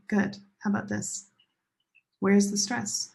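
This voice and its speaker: A woman teaching a pronunciation lesson, leading learners through slow chanted drills. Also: medium pitch, gravelly, a little mellow, breathy edge. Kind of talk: classroom lesson.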